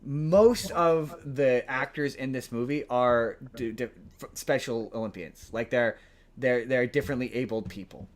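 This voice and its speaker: A man hosting a podcast, casually retelling a film plot in a rambling, animated way. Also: mid-range voice, unhurried. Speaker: podcast host. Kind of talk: casual chat.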